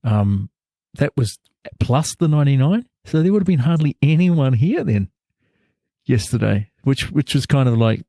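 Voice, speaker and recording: An actor interviewed over a video call from hotel quarantine tells stories in a loose, rambling chat, animated and full of filler, laughs and restarts. His mid-range voice moves at a normal speed, with no echo.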